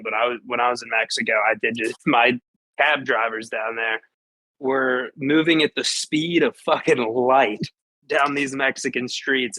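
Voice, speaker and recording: A man with a Pittsburgh accent co-hosts a sports podcast and tells joking stories full of swearing. His voice sits at an ordinary pitch for a man. The sound is dry and close, with no room around it. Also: bright, forceful tone, no room sound, rough recording. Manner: joking, profane storytelling. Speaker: podcast co-host. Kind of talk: casual sports chat.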